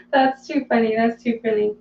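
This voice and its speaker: A woman hosting a casual live stream, reading viewer chat aloud, chatty and quick to laugh. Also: on the high side, creaky, echoey room, highs cut off, slight background noise.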